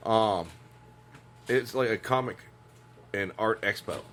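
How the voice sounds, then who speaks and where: Halting low-voiced man explaining. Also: fairly bright tone, slight background noise. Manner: halting, corrects himself, casual swearing. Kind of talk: casual podcast chat.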